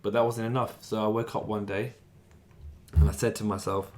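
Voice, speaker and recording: A young man co-hosting a podcast, telling his own life story in a casual, animated way and laughing often. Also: fairly low pitch, moderate pace. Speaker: podcast co-host.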